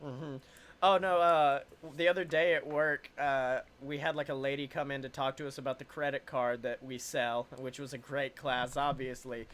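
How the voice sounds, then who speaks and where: A young man with a bright, forceful voice rattles off a story in casual podcast chat. He slips into other people's voices, swears freely and breaks into laughter. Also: medium pitch, a little hiss or hum. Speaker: podcast co-host.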